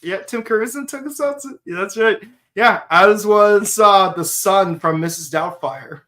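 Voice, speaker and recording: A man's voice: sits high, normal speed, sharp tone. A man hosting a podcast in casual chat, rambling, laughing often and slipping into silly voices. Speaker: podcast host.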